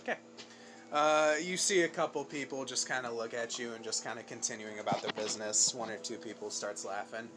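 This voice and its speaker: A man narrates a tabletop game as its game master. His delivery is loose and relaxed, and he laughs between his lines. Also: medium pitch, brisk, over music, low-quality recording.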